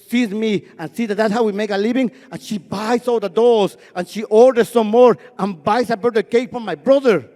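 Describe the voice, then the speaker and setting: A man from Guatemala, a native Spanish speaker, shares a personal story from a festival stage. His voice is high and mellow, he has a stutter, and repetition drives his rhythm, each line trailed by long hall reverb.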